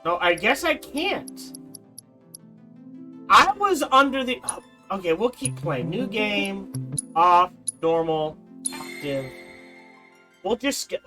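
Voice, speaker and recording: A man's voice: high-pitched, sing-song, slow pace, long pauses, bright, forceful tone, faint music behind, poor audio. Rambling man commenting on gameplay. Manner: rambling, restarts and self-corrections. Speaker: let's play host.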